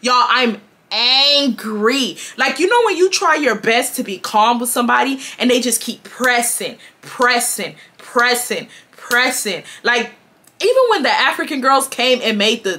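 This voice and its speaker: A woman's voice: a little high, animated, a little fast, pushed and bright. A woman in her twenties from Houston, telling a storytime to her viewers in a casual, emphatic way, repeating herself and swearing freely. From Houston, Texas. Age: 20s. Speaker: storytime vlogger.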